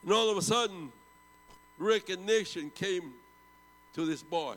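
Gravelly older man preaching in a hall. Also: expressive, unhurried, pauses often. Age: 70s. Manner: swings from loud bursts to hushed low tones. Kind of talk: storytelling sermon.

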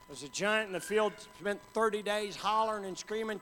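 A man preaching a sermon with passion, dropping to a hush and then building up to shouts. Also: sits high, fairly quick, few pauses. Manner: impassioned, swings from hushed to shouting. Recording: hall reverb with faint ambience.

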